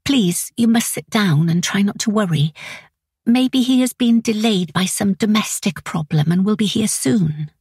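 A woman reading an audiobook, voicing a calm maidservant who speaks in a reassuring way. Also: medium pitch, unhurried, breathy edge, no room sound, clean studio sound. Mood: soothing.

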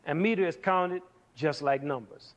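A man's voice: fairly high pitch, moderate pace. Man teaching music with questions. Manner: asks questions and answers them; demonstrates with counting and sounds. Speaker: music educator hosting a TV series. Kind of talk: televised music lesson to young audience.

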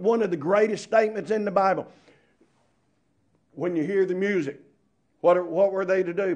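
A man's voice: high-pitched, fairly even intonation, moderate pace, long pauses, a little mellow, dull audio. A man preaching a sermon, emphatic and full of rhetorical questions.

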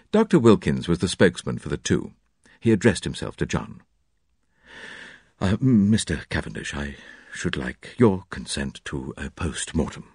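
Male narrator for a detective audio story; lowish voice with lively, swinging pitch. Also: no echo, clean studio sound. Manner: expressive, varied delivery.

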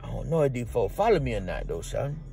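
A man's voice: medium pitch, very animated, fast talker, creaky, warm tone, soft background music. A man rambling through a comedic monologue from inside a truck, tacking "boy" and "shawty" onto his lines. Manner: rambling, drawling, peppers talk with "boy" and "shawty". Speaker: comedic character vlogger.

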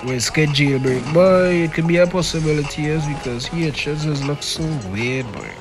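A man's voice: a little high, moderate pace. Teasing male game streamer. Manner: animated, teasing, keeps tacking on "boy". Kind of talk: live gaming stream chatter. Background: music.

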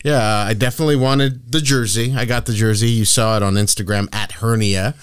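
Profane, excitable man hosting a podcast. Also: medium pitch, fairly quick, smooth, dry recording, clean studio sound. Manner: profane, excitable storytelling with loud bursts. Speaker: podcast host. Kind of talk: casual comedic podcast chat.

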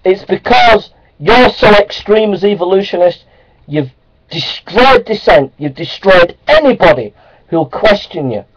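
A video blogger rants angrily into his camera in a high-sitting voice, repeating short indignant phrases as he builds up and then calms down. The monologue comes through dull, lo-fi webcam audio.

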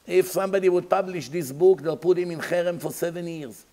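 A man's voice: high voice, fairly even intonation, brisk, dark tone, poor audio. A man, a rabbi giving a Torah lecture, emphatic and full of rhetorical questions, acting out imagined dialogues.

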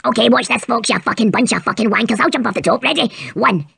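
A man's voice: very high voice, quick pace, creaky, pushed and bright, breathy edge, no echo, clean studio sound, voice pushed down, heavily acted. A man with a Scottish accent voicing a crude, swaggering fat father pig in a cartoon parody dub. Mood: gruff. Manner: swaggering, sweary.

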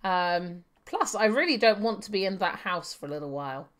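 A woman's voice: mid-range voice, very animated, moderate pace, fairly bright tone. A young adult woman giving chatty live gameplay commentary, thinking aloud with fillers and laughing often. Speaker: game streamer.

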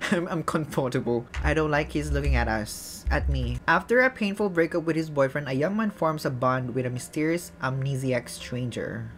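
A woman giving animated late-night movie reaction commentary at home, giggling and breaking into dramatic outbursts. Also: sits low, moderate pace. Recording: film music playing under the voice. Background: movie soundtrack music.

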